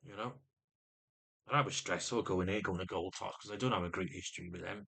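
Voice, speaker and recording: Guy ranting into his camera, bright sharp voice, keeps tripping over his words and starting again. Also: low-pitched, a little fast, creaky, slightly rough. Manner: agitated, restarts and repeats words often. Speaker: vlogger. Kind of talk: venting monologue to camera.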